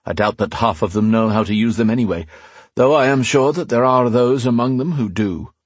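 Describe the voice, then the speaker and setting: A man voicing a powerful, weary old male ruler who speaks in a grave, measured way and sometimes growls. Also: mid-range voice, slightly rough, no room sound, natural voice.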